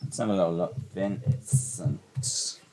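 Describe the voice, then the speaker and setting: A man's voice: low-pitched, fairly even intonation, slow pace, dark tone. A man hosting a live wrestling watch-along, chatting and answering his viewers in rambling asides. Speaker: livestream host.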